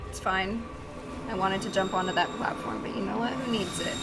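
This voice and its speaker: A young woman streams a video game and chats casually with her viewers over the game's music, giggly and self-deprecating. Her voice sits at medium pitch with fairly even intonation and a creaky quality, and she talks a little fast.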